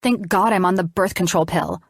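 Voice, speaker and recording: A woman reading the lines of a jealous young woman who accuses her lover, sharp and cold. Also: on the low side, moderate pace, vocal fry, husky, dry recording, studio quality. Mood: accusing.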